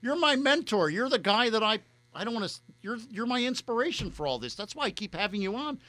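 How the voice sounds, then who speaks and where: A man's voice: high voice, very animated, quick pace, bright, forceful tone, dry recording. A man hosting a radio show, talking in an effusive, emotional, rambling way into a studio microphone. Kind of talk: casual on-air chat.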